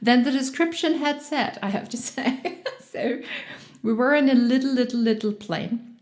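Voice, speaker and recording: A woman's voice: high voice, normal speed, a little mellow. A woman coach giving a motivational talk, cheerful and laughing often, recorded in an echoey room. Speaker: joy and fitness coach.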